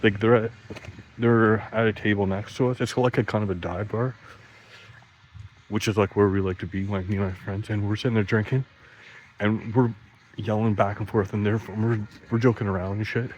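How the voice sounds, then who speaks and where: A man's voice: on the low side, fairly even intonation, normal speed, darkish tone, a little hiss or hum, poor audio. A man telling rambling stories in a casual monologue, full of "like" and restarts, swearing freely and laughing at his own jokes. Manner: swearing freely, voice jumps up when quoting himself.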